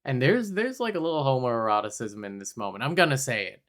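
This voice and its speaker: A man co-hosting a movie podcast in casual chat. He recaps the plot wryly, jumping in and out of quick voices for the characters. His pitch sits in an ordinary middle range. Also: animated, fairly bright tone. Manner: wry, acts out characters' lines in quick bursts. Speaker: podcast co-host.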